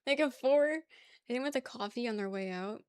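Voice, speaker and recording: A woman's voice: on the high side, brisk, clean tone, dry recording. A young woman from the New York area chatting casually with her stream chat, joking, laughing and rambling.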